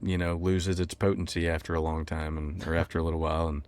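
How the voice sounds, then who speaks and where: A man's voice: deep voice, monotone, fast talker, darkish tone. A man from Texas, a musician guest chatting casually and loosely in an interview. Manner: laid-back, rambling, lots of fillers.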